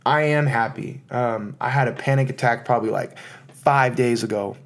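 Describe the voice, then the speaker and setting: An American man in his thirties hosts his own podcast solo, speaking at normal speed in a creaky, mid-range voice. His casual monologue is loose and heartfelt, full of fillers.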